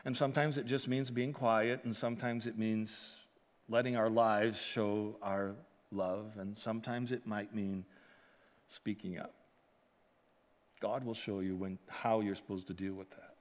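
A male pastor preaching a sermon, rising to loud emphatic declarations and dropping to soft, earnest appeals. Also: lowish voice, fairly even intonation, measured pace. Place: church sanctuary. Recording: long hall reverb.

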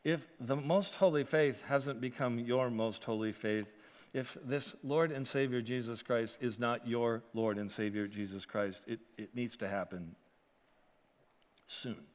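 Male pastor preaching, swinging between booming emphasis and quiet pleading; medium pitch, church sanctuary reverb. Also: unhurried. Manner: swells from loud emphatic preaching to soft earnest appeal. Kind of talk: sermon. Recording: long hall reverb.

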